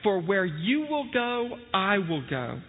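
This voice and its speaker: A man voicing a devoted young widowed woman, speaking slowly and earnestly in a tinny, echoing hall. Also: high voice, very animated, faint music behind, exaggerated voice. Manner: slow, solemn and earnest. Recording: tinny phone-like sound in a reverberant hall.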